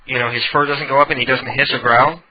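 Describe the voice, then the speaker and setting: A man's voice: medium pitch, steady tone, quick pace, muffled recording, crowd noise. A man hosting a radio call-in show from home, chatting casually and laughing often.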